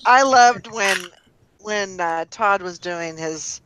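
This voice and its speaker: A woman chiming in with halting, enthusiastic agreement in a casual group chat. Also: medium pitch. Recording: busy crowd noise behind.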